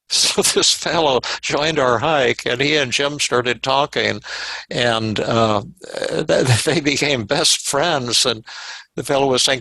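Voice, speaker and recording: Gravelly older man teaching. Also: medium pitch, bright, forceful tone, dry recording, low-quality recording. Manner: halting, repeats words, acts out quoted dialogue. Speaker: psychiatrist giving a webinar. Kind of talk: teaching with a case story.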